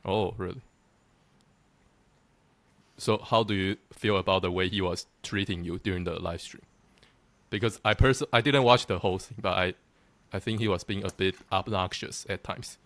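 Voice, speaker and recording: Deep-voiced male interviewer. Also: fairly even intonation, moderate pace, pauses often, a bit bright, no room sound. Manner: short reactions, easy questions, laughs along. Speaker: interviewer, channel host. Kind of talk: casual interview.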